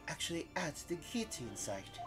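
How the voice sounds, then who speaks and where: A man voicing a proud middle-aged French woman waxwork sculptor, with a put-on French accent, theatrical and deliberate. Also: on the high side, very animated, over music, pitched above the performer's own voice. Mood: proud, macabre.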